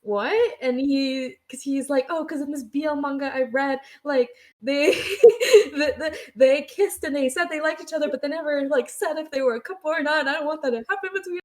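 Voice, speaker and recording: A woman's voice: high-pitched, fairly even intonation, brisk. A woman co-hosting a casual podcast, gushing and giggly. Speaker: podcast co-host. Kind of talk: casual chat.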